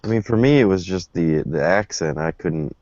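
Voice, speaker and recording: Male co-host, very low voice, blunt, dry lo-fi sound. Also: lively intonation, normal speed, darkish tone, no room sound. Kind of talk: casual talk show debate. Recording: dry lo-fi stream audio.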